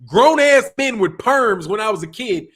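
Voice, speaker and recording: A middle-aged man from Chicago runs a boxing live stream with a high-pitched voice. He talks loose and slangy and laughs often. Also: animated, normal speed, fairly bright tone, slightly rough. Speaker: boxing channel host. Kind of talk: casual live stream chat.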